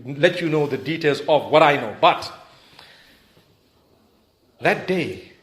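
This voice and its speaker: A man's voice: on the high side, lively intonation, slow pace. A male preacher telling a story in a sermon, talking conversationally and animatedly, with frequent asides to his audience. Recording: echoey hall, faint background noise.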